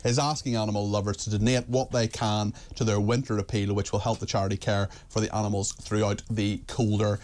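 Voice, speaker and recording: A man's voice: on the low side, flat delivery, a little fast, hardly any pauses, a little mellow. A man hosting a live talk show, chatting casually and tripping over fillers as he goes. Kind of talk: live talk radio chat.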